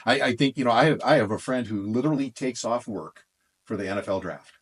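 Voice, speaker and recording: A man's voice: medium pitch, quick pace, slightly rough. A man interviewing a guest, asking friendly questions and often chiming in with brief affirmations. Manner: frequent short affirmations, conversational questions. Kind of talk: casual interview.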